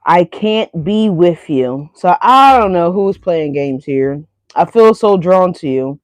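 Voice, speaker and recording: A woman's voice: on the low side, lively intonation, takes it slowly, dry recording. A woman reading tarot in a loose, chatty way, swearing and laughing between thoughts. She circles back with lots of fillers and addresses her viewers directly. Her voice sits in a middle range and sounds dry and close to the mic. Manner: rambling, profane, laughing asides; repeats fillers, talks straight to viewers. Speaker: tarot reader.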